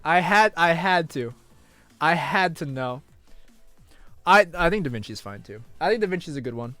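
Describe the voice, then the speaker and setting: A young man chatting casually on a live stream, talking to his chat, moving between mock outrage and low mumbling asides. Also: lively intonation, moderate pace, a bit bright, no room sound, faint music behind. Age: young adult.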